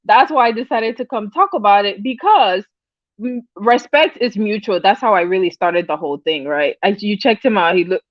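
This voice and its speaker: This woman has a mid-range voice and talks at an ordinary pace while hosting a relaxed livestream. She reads out chat messages, meanders with restarts, and breaks into frequent laughter, all in dull, dry, echo-free lo-fi audio.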